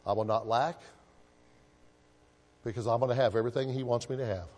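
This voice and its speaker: A man preaching in a church sanctuary, his voice at a middle pitch. He swings from hushed, intimate lines to loud, ringing storytelling. A long hall reverb follows every phrase. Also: steady tone, fairly quick. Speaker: guest preacher. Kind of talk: sermon.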